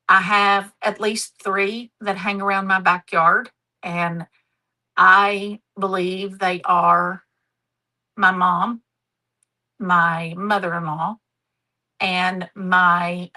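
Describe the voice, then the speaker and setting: A woman's voice: fairly low pitch, flat delivery, very slow, pauses often, bright, forceful tone, rough recording. A middle-aged woman hosting a live craft demonstration, chatty, homey and affectionate. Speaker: craft show host.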